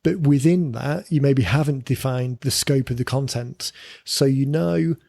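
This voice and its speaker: A man's voice: mid-range voice, measured pace, gravelly, mellow, dry recording, clean studio sound. A man co-hosting a podcast, talking casually and thinking aloud with fillers and repeated words. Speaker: podcast co-host.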